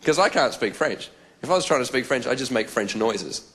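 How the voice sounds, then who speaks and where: A man with an Australian accent doing stand-up comedy in a lively, chatty storytelling way. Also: medium pitch, fairly quick.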